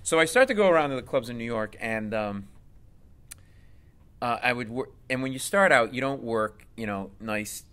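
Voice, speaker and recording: An animated man tells a comic story with lively energy, in a bright, forceful voice of middle pitch. He is a comedian speaking as an interview guest. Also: normal speed, clean tone.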